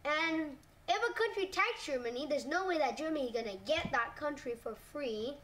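A woman narrating a map scenario in a casual, hesitant way, often pausing on "like" and correcting herself. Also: high-pitched, lively intonation, fairly bright tone, far from the mic. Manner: hesitant, full of "like" and self-corrections.

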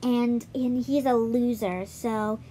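A woman's voice: a little high, fairly even intonation, takes it slowly, warm tone, a little hiss or hum. A woman giving a casual, chatty walkthrough of a mobile game, talking straight to her viewers. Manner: chatty, addresses viewers directly. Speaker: gaming YouTuber.

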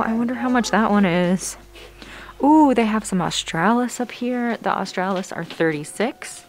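A woman's voice: mid-range voice, normal speed. A young woman vlogging casually while she shops in a plant nursery, gushing over what she finds. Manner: gushing, excitable, narrating as she browses. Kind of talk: casual shopping vlog narration.

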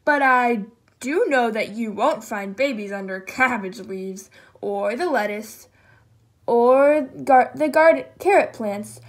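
A woman's voice: a little high, expressive, slow. A woman voicing a giggly, confident lion in a children's story. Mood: teasing.

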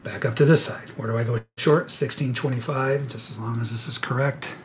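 A man giving live trading commentary on a webinar, excitable and sarcastic, rambling with self-corrections, a little out of breath. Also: medium pitch, a little fast, a little hiss or hum. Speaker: futures trader presenting a live webinar.

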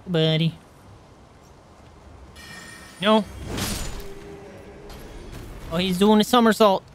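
Drawn-out words in a high-sitting male voice, with a little hiss or hum on the recording. He's streaming a game and commenting live, nervously shifting from quiet muttering to startled yelps and swearing.

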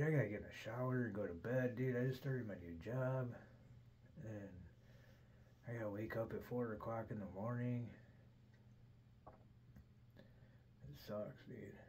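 A man's voice: mid-range voice, moderate pace, pauses often, darkish tone, a little hiss or hum, rough recording. A middle-aged man hosting a podcast, rambling through a casual story with constant swearing and "dude". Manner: profane, says "dude" constantly. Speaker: podcast host.

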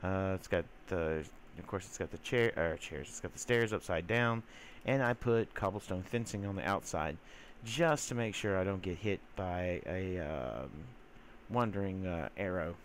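Low-ish guy chatting thru his game, lots of uh and um, teases the mobs. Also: moderate pace, a little hiss or hum. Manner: rambling, chatty, filler-heavy; teasing baby-talk to game mobs. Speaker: gamer. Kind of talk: casual gameplay commentary.

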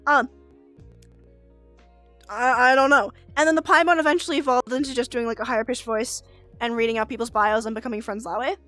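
A woman's voice: on the high side, fairly even intonation, fairly quick, long pauses, bright, forceful tone, dry recording, faint music behind. A young woman streaming and chatting casually with viewers, giggly and prone to exclamations. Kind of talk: casual livestream chat.

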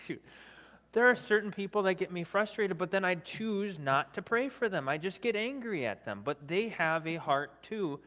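A man's voice: fairly high pitch, sharp tone, long reverb tail. A man preaching a sermon as a guest speaker, talking conversationally, often adding "right?", with self-deprecating humor. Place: church sanctuary.

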